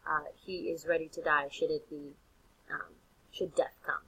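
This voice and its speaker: A woman teacher giving a casual lecture, retelling the scenes in an animated, slangy way with many fillers and restarts. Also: deep voice, moderate pace, slightly rough, poor audio.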